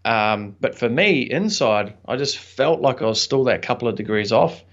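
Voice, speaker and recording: A man's voice: mid-range voice, lively intonation, normal speed. Earnest young man telling a personal story. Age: young adult. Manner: earnest, reflective, chatty with fillers. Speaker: podcast guest, entrepreneur and author. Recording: slightly dull lo-fi audio.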